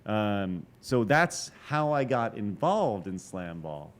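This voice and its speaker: A man in his forties telling a long story as a podcast guest, animated and profane, with quick asides and restarts. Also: on the low side. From Texas. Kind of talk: casual storytelling interview.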